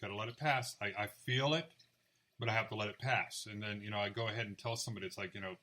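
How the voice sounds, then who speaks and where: Guy psychic chatting away, bright voice, acts out all the back and forth. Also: on the low side, fast. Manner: animated storyteller, acts out quoted dialogue. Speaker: psychic medium. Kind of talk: casual chat, storytelling.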